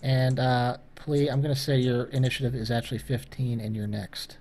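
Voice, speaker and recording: A man acting as dungeon master, calmly walking players through their dice rolls in a tabletop game. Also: mid-range voice, normal speed, slight background noise. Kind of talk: running a tabletop game over voice chat.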